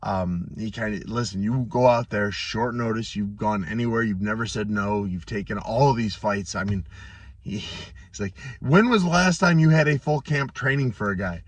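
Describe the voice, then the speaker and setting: Casting: thirties man, low voice, halting casual storyteller, a bit off-mic, dry. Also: no echo, recorded from a distance. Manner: halting, many restarts and fillers, excitable when telling good news. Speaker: pro fighter vlogger.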